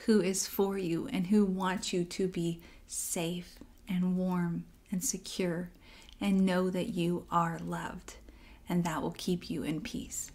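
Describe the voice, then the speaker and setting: A woman giving a personal devotional talk in a conversational way, acting out her own inner dialogue and dropping to a soft near-whisper at tender moments. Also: fairly low pitch, level tone, slow pace. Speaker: devotional speaker.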